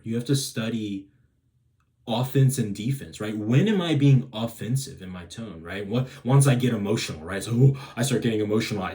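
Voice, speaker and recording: A man's voice: on the low side, a little mellow. A man hosting a self-help video who talks in a rambling, casual way, restarting sentences and checking in with "right?". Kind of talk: casual advice monologue.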